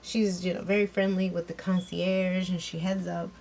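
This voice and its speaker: A woman's voice: fairly low pitch, flat delivery, normal speed, vocal fry, a little mellow, a little hiss or hum. A woman giving a chatty, rambling recap of a TV episode, full of fillers and restarts. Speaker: TV episode reviewer.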